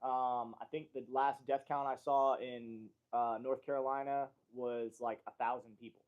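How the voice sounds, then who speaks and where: A man's voice: mid-range voice, level tone, moderate pace, narrow, tinny audio. Casual man hosting a livestream. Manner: loose and joking, then earnest about preparedness. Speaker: livestream host. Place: company studio.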